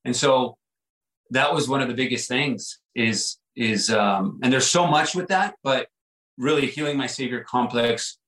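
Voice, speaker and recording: A man's voice: medium pitch, measured pace, fairly bright tone, roomy sound, poor audio. A man guest on a podcast, telling a personal story in an earnest, reflective way, often repeating himself and saying "like" and "right?".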